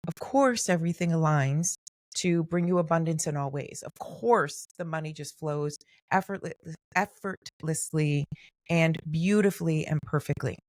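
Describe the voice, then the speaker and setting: Brief: woman host, lowish voice, dry close sound, enthusiastic. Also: dry recording. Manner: enthusiastic, effusive, drawn-out emphasis. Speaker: podcast host. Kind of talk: podcast interview.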